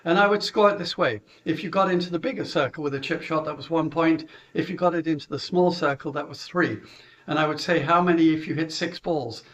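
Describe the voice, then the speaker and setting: Talking a little fast in a high, fairly bright voice, this middle-aged British golf coach describes his junior lessons in a chatty way. He chuckles and uses filler words along the way.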